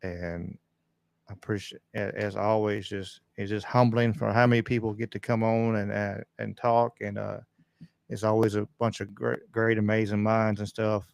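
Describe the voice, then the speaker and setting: A man's voice: lowish voice, level tone, moderate pace, gravelly, a little mellow, dry recording. A man hosting a casual livestream podcast, rambling in a laid-back way with lots of fillers. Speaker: podcast host. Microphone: desk mic on a stand.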